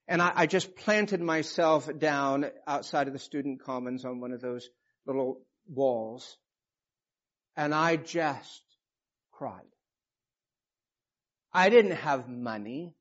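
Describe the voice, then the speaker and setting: A pastor in his fifties preaches a sermon slowly with long pauses, his voice a bit bright. He tells a personal story with emotion and reads scripture with growing passion. The recording is muffled and low in fidelity.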